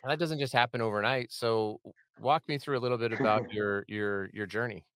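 A man's voice: fairly low pitch, fairly even intonation, fairly quick, fairly bright tone, clean tone. A man hosting a casual podcast interview, chatty and upbeat, with a joking manner. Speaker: podcast host.

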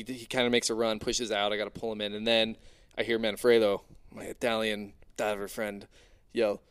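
A young man casually telling an animated, excitable diving story, full of fillers. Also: fairly low pitch, moderate pace, clear, resonant tone. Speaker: spearfishing diver guest.

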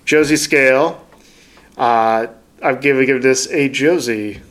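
A man's voice: mid-range voice, slow, fairly bright tone. Laughing, rambling podcast guy. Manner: laughs often, rambling anecdotes. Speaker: podcast co-host. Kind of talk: casual chat.

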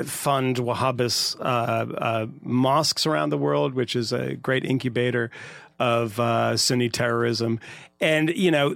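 A man co-hosting a casual political podcast chat, sardonic and rambling, swearing and filling pauses with "uh" and "you know.". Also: medium pitch, vocal fry, fairly bright tone, dry recording. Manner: rambling, sardonic, profane, lots of fillers. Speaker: podcast co-host.

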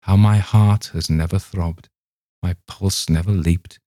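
A man reading a Victorian ghost story aloud in a steady, literary first-person narration. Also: low voice, measured pace, no echo, clean studio sound. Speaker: audiobook narrator.

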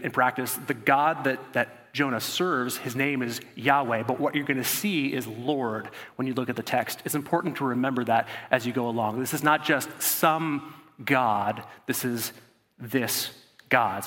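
A man's voice: medium pitch, fairly even intonation, fairly quick, hardly any pauses, a bit bright. A man preaching a sermon, reading scripture and breaking off into casual, conversational asides. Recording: long hall reverb.

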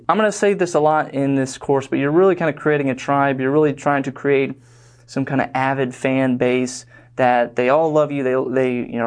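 A man's voice: medium pitch, a little mellow. A young man teaching an online course in a loose, conversational way, full of fillers and restarts. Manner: rambling, filler-heavy, conversational. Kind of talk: casual lecture.

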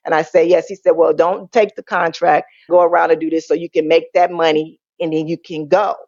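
A woman's voice: fairly quick, no room sound. A woman in her forties or older, a podcast guest telling her story candidly and animatedly. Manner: animated, acts out quoted family voices in a high pitch. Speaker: interview guest. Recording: dull lo-fi dry sound.

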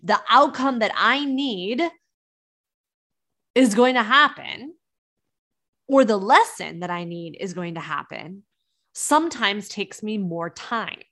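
A woman in her thirties coaches her listeners through a motivational talk. She speaks earnestly and warmly encouraging, stressing key points and restarting her phrases as she goes. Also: mid-range voice, expressive, slow pace, long pauses. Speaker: business coach. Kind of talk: motivational podcast monologue.

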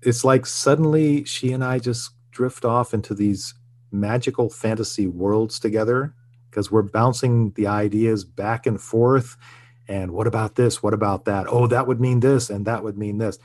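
A man's voice: lowish voice, moderate pace, darkish tone. An older man, a TV writer being interviewed, talking reflectively and earnestly, often restarting his sentences. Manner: reflective, earnest storytelling with frequent restarts and chuckles. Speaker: guest, TV writer and producer. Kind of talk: casual interview conversation.

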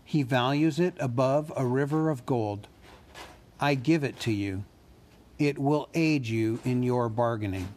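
A man voicing a fussy, polite male hobbit who talks in a businesslike way and squeaks when nervous. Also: unhurried, a little mellow, a little hiss or hum, lightly acted.

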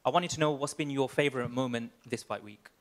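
Fast-talking male reporter. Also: medium pitch. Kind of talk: press conference questions.

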